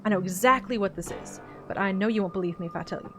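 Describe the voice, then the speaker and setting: A woman voicing a stubborn, gruff old backwoods man with a put-on Southern accent in a voiced-over game, with folksy, grumbling speech. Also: medium pitch, quick pace, over music, natural voice. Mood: grumpy. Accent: put-on generic Southern US.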